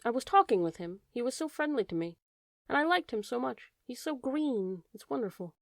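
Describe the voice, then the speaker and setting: A woman's voice: fairly high pitch, lively intonation, brisk, gravelly, no room sound. A woman voicing a curious, polite young male fawn who speaks eagerly and with wonder, in a dry-sounding storybook reading.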